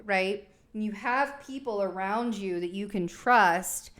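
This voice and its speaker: Woman, young adult, tarot reader, casual rambling monologue, reassuring, thinks out loud, filler-heavy, mid-pitched voice.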